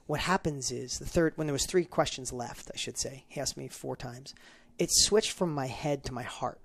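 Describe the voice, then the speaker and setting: A middle-aged man, a guest on a show, telling an emotional personal story in an animated way, often repeating his words. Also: medium pitch, moderate pace, vocal fry, breathy edge. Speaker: podcast guest, entrepreneur.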